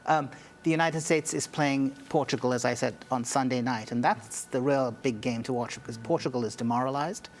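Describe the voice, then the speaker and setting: A man speaking as a journalist guest in a studio interview, explaining his views in a measured, analytical way. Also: medium pitch.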